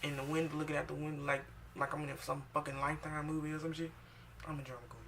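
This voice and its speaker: A woman telling a personal story for her vlog, animated and emphatic, swinging between loud outbursts and hushed asides. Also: deep voice, fast, far from the mic, slight background noise. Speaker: vlogger.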